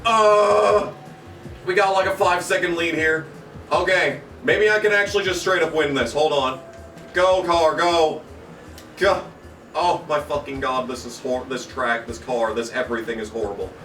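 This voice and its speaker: A man doing let's-play commentary on a racing game, swearing freely and reacting loudly to every turn of the race. His voice sits in a mid range and sounds roomy and a little distant from the mic. Faint guitar music plays softly underneath. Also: a little high, moderate pace. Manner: excitable, profane, shouts during the race; grumbling, frustrated rant. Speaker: gaming YouTuber.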